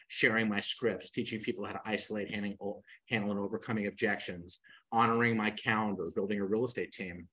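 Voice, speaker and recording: With a fairly low, slightly rough voice, an older man appearing as a real estate coach on a podcast tells his story and animatedly acts out quoted speakers. The audio is rough.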